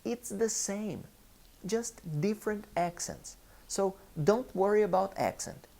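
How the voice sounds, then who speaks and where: A Brazilian man, a native Portuguese speaker, teaching an online English lesson with a Brazilian Portuguese accent, speaking deliberately and repeating key phrases. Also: high voice, gravelly, mellow.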